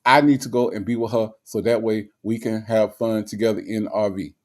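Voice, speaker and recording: Brief: man doing a jailed guy pleading innocence, lower and plodding, broken repetitive phrasing. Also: fairly even intonation, brisk, close to an everyday voice.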